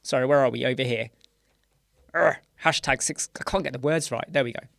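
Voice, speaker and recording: In a small dark room fitted with sound panels, this man from the United Kingdom, speaking British English, rambles through a casual live chat stream full of filler words, often tagging "right?" onto his points. His mid-range voice is creaky and fairly bright, moving a little fast. The sound is studio quality, with no room sound.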